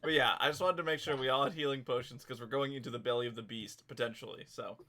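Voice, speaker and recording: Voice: mid-range voice, fast talker, bright, forceful tone. A player chatting casually at a tabletop game, loose and joking, with some swearing.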